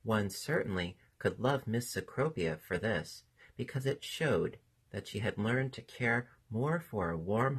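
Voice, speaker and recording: A man reading a children's story aloud in a gentle, expressive storytelling manner. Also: on the low side, vocal fry, breathy edge. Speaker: reader. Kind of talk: storybook narration.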